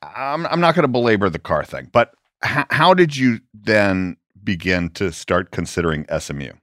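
Low voiced host guy asking a guest questions, bouncy pitch, dry sound. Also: sing-song, fairly bright tone, no room sound. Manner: short acknowledgments, measured questions. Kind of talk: interviewing a guest.

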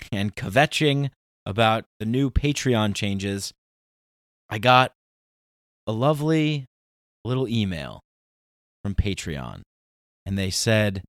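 A man's voice: fairly low pitch, no echo, studio quality. A man hosting a podcast, talking in a casual, ranting monologue with emphatic outbursts. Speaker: podcast host.

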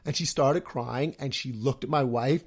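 A man's voice: medium pitch, moderate pace, slightly rough. A young man hosting a podcast in casual chat, talking in a rambling way with lots of restarts. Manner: rambling, with many restarts and fillers. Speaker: podcast host.

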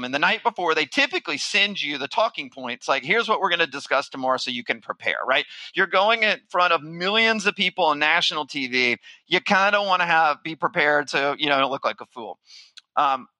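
A man's voice: on the high side, animated, a little fast, sharp tone, dry recording, low-quality recording. A middle-aged man giving a keynote, telling a story with animation and acting out his own panic. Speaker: keynote speaker, marketing firm founder.

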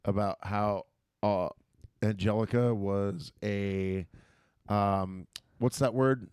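A young man co-hosting a casual podcast chat, relaxed and hesitant. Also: fairly low pitch, slow, clean tone, no echo, studio quality. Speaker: podcast co-host.

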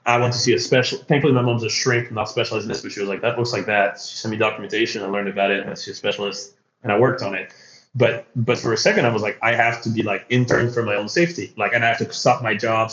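A young man in his twenties, a startup founder speaking as a podcast guest, talking candidly in a halting, rambling way with many restarts. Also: medium pitch, fairly bright tone. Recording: echoey room, dull lo-fi sound.

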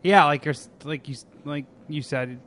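A man with a slightly higher voice hosts a loose podcast chat, cursing freely and laughing through his lines. He often trips over his words and starts sentences again. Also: a little fast, fairly bright tone. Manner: profane, laughs easily, stumbles and restarts. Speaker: podcast host. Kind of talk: casual podcast banter.

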